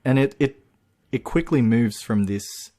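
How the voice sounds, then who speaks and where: A man co-hosting a casual film-review podcast, walking through the plot in long, winding, animated sentences. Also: mid-range voice, measured pace. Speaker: podcast co-host.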